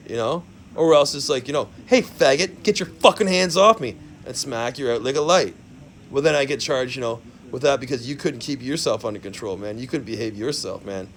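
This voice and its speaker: A man's voice: mid-range voice, slight background noise. A man ranting into the camera, rambling and profane, forever tacking "man" and "right" onto his sentences. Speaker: vlogger. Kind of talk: profane rant.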